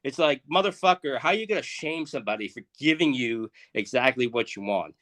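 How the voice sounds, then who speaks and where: A man in his thirties co-hosting a podcast, delivering a crude, profane comedic rant that swings between loud outbursts and muttered asides. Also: mid-range voice, animated, fairly quick. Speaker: podcast co-host.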